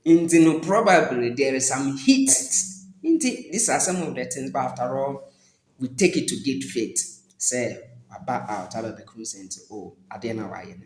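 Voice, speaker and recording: A man's voice: medium pitch, animated, measured pace, echoey room, poor audio. A man with a Ghanaian accent giving casual reaction commentary, switching between Twi and English and often restarting his phrases.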